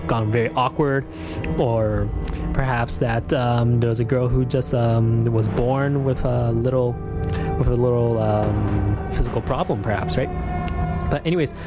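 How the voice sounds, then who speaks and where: A man's voice: mid-range voice, steady tone, measured pace, over loud music. A male radio host talking casually and meandering as he tells urban legends in a radio studio. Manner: laid-back, meandering storytelling.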